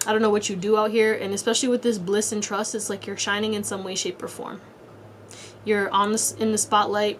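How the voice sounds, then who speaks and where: Woman reading tarot cards to camera, casual and slangy, cusses a lot, middle pitch, bit of hiss behind. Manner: slangy and blunt, swears freely, lots of "like"; talks straight to the viewer in second person. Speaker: tarot reader.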